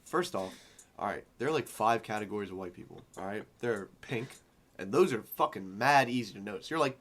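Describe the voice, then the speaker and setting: A man's voice: fairly low pitch, animated, fairly quick, a bit bright. A young man co-hosting a podcast, telling rambling stories in casual chat, swearing freely and laughing as he talks. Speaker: podcast co-host.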